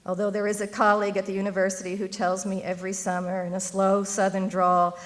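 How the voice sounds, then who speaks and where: A woman's voice: medium pitch, completely flat delivery, quick pace. A middle-aged woman giving a prepared speech at a university event, earnest and rhetorical, building to emphatic appeals. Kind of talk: prepared speech read aloud.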